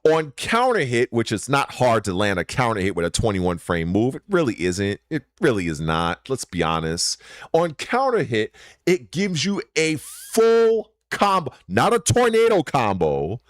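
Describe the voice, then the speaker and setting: A man in an exasperated gaming rant, cursing freely and jumping from loud outbursts to low grumbles. His pitch swings widely while his delivery stays unhurried. The sound is dry and close. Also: sing-song, no room sound. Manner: profane, exasperated, swings between shouting emphasis and muttering. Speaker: channel host.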